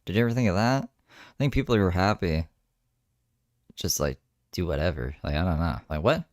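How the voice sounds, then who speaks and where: A man's voice: sits low, fairly quick, a little mellow, slight background noise. A man off camera trading mocking, sarcastic retorts.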